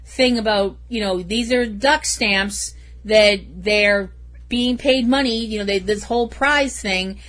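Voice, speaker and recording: Female podcast co-host, bright and crisp tone, playful punster, casual chat. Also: medium pitch. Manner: playful, punning, quick to laugh at herself.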